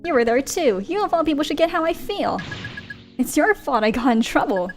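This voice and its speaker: A woman's voice: high-pitched, big pitch swings, brisk, faint music behind, voice pushed up. A woman voicing a defiant, hot-tempered teenage girl. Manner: angry, defiant.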